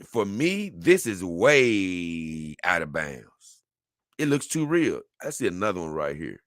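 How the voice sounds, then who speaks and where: Man, casual reactor, bright voice, dry close sound, animated and exclaiming. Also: deep voice, takes it slowly, dry recording. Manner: animated, exclaiming and laughing, dips into mock voices. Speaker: video reactor.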